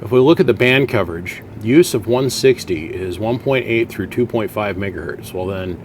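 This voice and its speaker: A man's voice: on the low side, animated, normal speed, a little hiss or hum. A man in his home workshop, talking through radio gear in a folksy, chatty way and thinking aloud as he explains. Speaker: radio equipment hobbyist. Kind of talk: casual workshop vlog.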